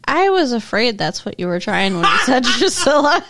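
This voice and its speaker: A woman's voice: on the high side, sing-song, normal speed, noisy background. A young woman co-hosting a casual chat, teasing her partner and laughing often. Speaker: podcast co-host.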